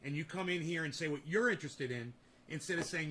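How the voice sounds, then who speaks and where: Guy streamer with a high sharp voice, heated and sweary, yelling back at his chat. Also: fast talker, a little hiss or hum. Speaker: streamer host. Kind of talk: livestream rant to chat.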